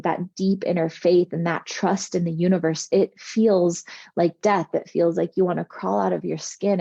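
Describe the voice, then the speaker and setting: A woman's voice: fairly low pitch, creaky, warm tone, no room sound, dull audio. A middle-aged woman giving a motivational spiritual talk in an earnest, reassuring, soothing way. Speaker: spiritual coach.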